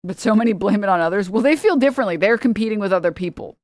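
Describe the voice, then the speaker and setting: A woman's voice: mid-range voice, expressive, rapid-fire, a little mellow, no echo. A woman livestreamer chatting casually with her viewers, blunt and profane, with frequent laughs.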